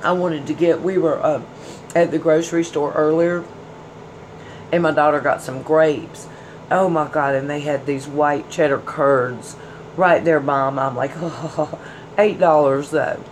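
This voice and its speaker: A woman's voice: sits low, steady tone, unhurried, a little hiss or hum, low-quality recording. Chatty woman livestreaming. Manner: chatty, folksy, addresses viewers as y'all and hon. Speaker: tarot livestream host. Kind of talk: casual livestream chat reading comments.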